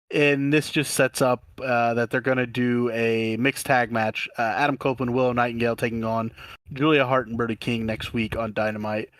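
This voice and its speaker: A mid-pitched man co-hosts a wrestling podcast in a loose, rambling recap style. He laughs often while quoting lines from the show. The sound is close and dry, with no room echo. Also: fairly even intonation, moderate pace, fairly bright tone. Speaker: podcast co-host. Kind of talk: casual wrestling recap chat.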